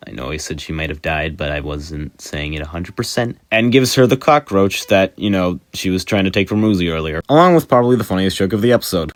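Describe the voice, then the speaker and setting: Young guy with a real low voice recapping a show, chatty, dry close mic. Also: fairly quick, few pauses, dry recording. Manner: chatty, wry asides. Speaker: show reviewer. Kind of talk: casual episode recap.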